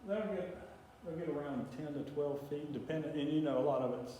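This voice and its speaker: Brisk and a little high, with a dark tone, a man gives a loose, folksy talk on plants to a small local group, filling it with ums and asides as he rambles. The sound is distant and echoey, with faint hiss.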